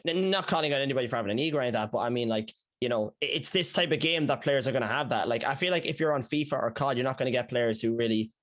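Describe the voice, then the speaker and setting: Fast-talking Irish man, animated. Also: medium pitch. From Ireland. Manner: animated storyteller, lots of slang and swearing. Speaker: podcast guest, streamer. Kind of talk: casual podcast chat.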